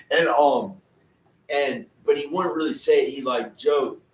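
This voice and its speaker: A man's voice: mid-range voice, a little slow. A man talking in a rambling, casual way, full of restarts and laughing to himself. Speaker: vlogger. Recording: echoey room, far from the mic, faint noise.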